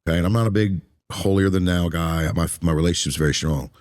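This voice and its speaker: A man hosting an interview, speaking emotionally and haltingly about his past, often repeating words. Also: deep voice, darkish tone. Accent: Eastern Shore American. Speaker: podcast host.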